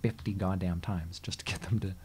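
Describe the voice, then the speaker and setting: Male gaming host, low-ish voice, casual let's-play commentary, exasperated and foul-mouthed, talks back at the game. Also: fairly even intonation, fairly quick, darkish tone, slight background noise.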